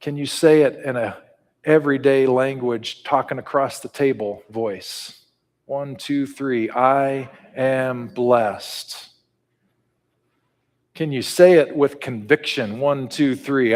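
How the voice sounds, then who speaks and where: A man's voice: mid-range voice, unhurried. A man preaching a sermon and leading a prayer, earnest and building to call-and-response. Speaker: pastor. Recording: reverberant hall.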